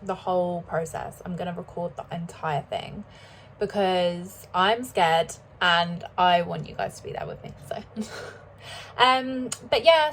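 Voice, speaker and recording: A woman's voice: medium pitch, slight background noise, poor audio. A woman in her twenties, rambling and swearing freely as she chats to camera while getting ready at a mirror at home. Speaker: beauty vlogger. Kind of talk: casual chat to camera.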